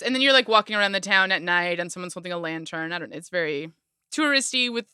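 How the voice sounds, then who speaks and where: Playful woman with a smooth, bright voice. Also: on the low side, lively intonation, dry recording, studio quality. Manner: playful, jokey, quick asides. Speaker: podcast co-host. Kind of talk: casual book chat.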